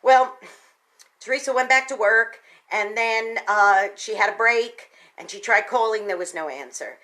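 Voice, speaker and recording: A woman hosting a radio talk segment, retelling a story with expressive, folksy emphasis and speaking straight to her listeners. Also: fairly high pitch, a little slow, low-quality recording. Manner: folksy, addresses listeners directly. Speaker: radio station general manager.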